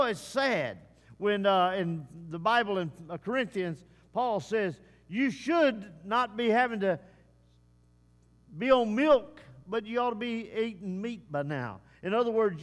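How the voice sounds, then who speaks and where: A man preaching a sermon to his congregation in a folksy way, with many pauses and "uh" fillers. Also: sits high, expressive. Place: church service. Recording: long hall reverb.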